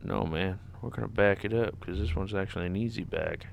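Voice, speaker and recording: Male streamer, deep fry-heavy voice, laid-back self-talk over truck engine noise. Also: fairly quick. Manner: laid-back, talks to himself and the traffic. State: sleepy, yawning. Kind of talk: casual gameplay commentary.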